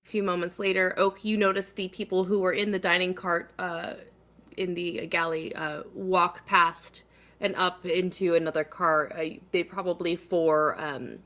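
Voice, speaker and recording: A woman runs a live tabletop horror game. Her voice is bright and a touch low, and she lays out the scene slowly for atmosphere. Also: fairly even intonation. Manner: slow, atmospheric narration with laughs. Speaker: game master.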